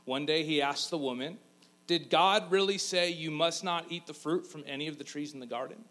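A man's voice: on the high side, fairly quick, sharp tone. A man preaching a casual, joking sermon, acting out the people in his story. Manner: casual, joking storyteller who acts out voices. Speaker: pastor.

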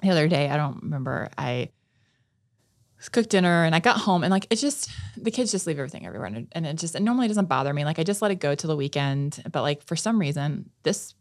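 Low-voiced woman chatting animatedly. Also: fast talker. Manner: animated storyteller, swears casually, acts out quoted exchanges. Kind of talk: casual chat.

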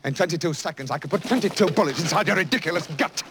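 An actor playing a menacing, eccentric male film director who speaks in a theatrical, flatly threatening way with sudden bursts. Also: fairly high pitch, racing. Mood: raging. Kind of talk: film drama acting. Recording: film soundtrack with clear background noise.

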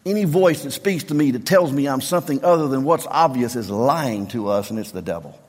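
A middle-aged man with a Southern US accent preaching a sermon, emphatic, repeating refrains and swinging from low tones to near-shouts. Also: animated, a little fast. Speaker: pastor. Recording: long reverb of a large hall.

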